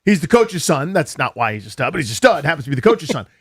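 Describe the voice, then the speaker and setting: A man's voice: fairly high pitch, fast, slightly rough. An American man hosting a sports radio show, telling rambling jokey stories in a casual studio chat. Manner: animated, jokey, rambling storyteller. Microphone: studio microphone.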